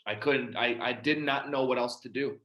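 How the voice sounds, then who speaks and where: A man, telling his own recovery story in a halting way, full of fillers and often trailing off quietly. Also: mid-range voice, fairly even intonation, highs cut off. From Detroit, Michigan. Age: 30s. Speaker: recovery outreach speaker. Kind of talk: personal testimony talk.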